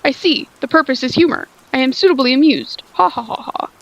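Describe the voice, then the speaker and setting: A woman voicing a booming, stiffly formal demon teddy bear in a read-aloud story. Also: expressive, fairly quick, gravelly, muffled recording, full character voice.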